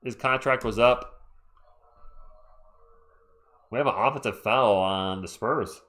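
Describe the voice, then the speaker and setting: Between plays, a tired streamer chats with his audience and gives shout-outs to the chat while casually calling the game live. His voice is mid-range and a bit bright, and he speaks at a normal speed.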